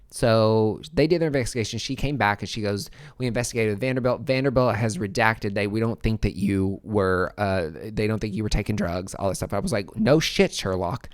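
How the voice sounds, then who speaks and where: Candid, profane man telling his story. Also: lowish voice. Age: adult, former nurse. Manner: candid, profane, animated storytelling with many fillers. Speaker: podcast host telling his own story. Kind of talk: casual storytelling monologue.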